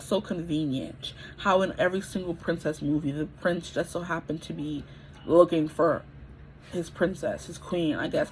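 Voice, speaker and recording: On a rough recording with slight background noise, a woman in her twenties with a lowish voice offers a chatty, meandering pick-a-card tarot reading. She frequently checks in with the people listening.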